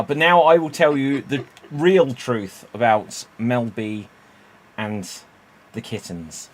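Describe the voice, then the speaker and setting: A man hosting an online improv game, rambling, correcting himself and joking. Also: medium pitch. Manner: rambling, self-correcting, playful. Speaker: improv show host.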